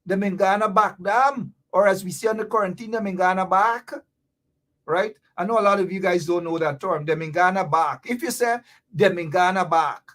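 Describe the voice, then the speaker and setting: A woman's voice: medium pitch, brisk, a bit bright. A woman with a Guyanese accent, talking to viewers in a livestream about politics and playfully teaching local Creole phrases. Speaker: political commentator.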